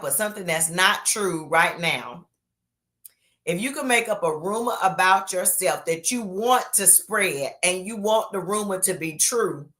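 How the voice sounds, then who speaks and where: A woman pastor hosting an online Bible study, chatting casually with drawn-out emphasis while reading viewers' comments aloud. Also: medium pitch. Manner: animated, drawn-out emphasis, calls people baby.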